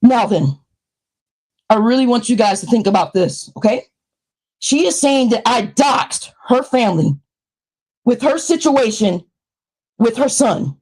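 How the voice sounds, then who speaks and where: A woman with a high voice rants on her live stream into a new microphone. She is heated and profane and often breaks into shouts. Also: expressive, unhurried, long pauses, breathy edge, low-quality recording. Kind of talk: angry live-stream rant. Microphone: new desktop microphone.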